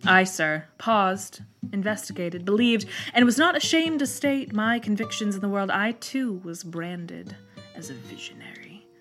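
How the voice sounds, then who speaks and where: A woman's voice: medium pitch, expressive, measured pace, a bit bright, faint music behind. A woman reading a bitter, eloquent old scholar. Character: embittered old male scholar, eloquent recluse.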